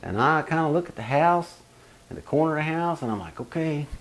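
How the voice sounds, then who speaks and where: A man telling a funny family story in a casual first-person way, animated, with big swings in pitch and loudness. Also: fairly quick.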